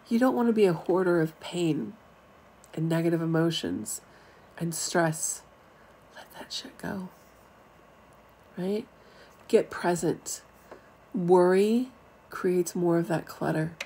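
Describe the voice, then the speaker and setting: A woman's voice: on the low side, vocal fry, dark tone, slightly rough, low-quality recording. A middle-aged woman giving a frank, chatty spiritual talk to online viewers, with casual asides. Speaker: spiritual teacher. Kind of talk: live-streamed spiritual talk.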